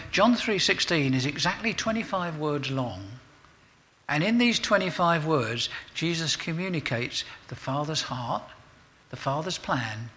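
Bright-voiced male pastor preaching. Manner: emphatic, rises in pitch to stress key phrases; repeats points for emphasis and prays aloud to close. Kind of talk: sermon. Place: church service.

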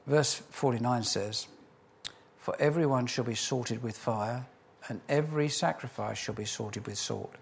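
A man preaching a sermon as pastor, emphatic, repeating key phrases and slowing for stress, then leading a prayer. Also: mid-range voice, creaky, slightly rough.

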